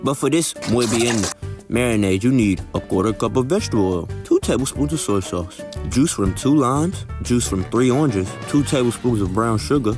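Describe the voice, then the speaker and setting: A man's voice: medium pitch, lively intonation, moderate pace. A young man narrating a cooking video in a joking voice-over, putting on a mock accent and sprinkling in Spanish words. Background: music.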